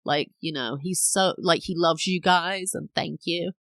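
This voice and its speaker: A woman's voice: lowish voice, unhurried, gravelly, fairly bright tone, dry recording. A woman in her thirties, a podcast host telling a personal story in a chatty, rambling way, full of fillers and acted-out quotes. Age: 30s.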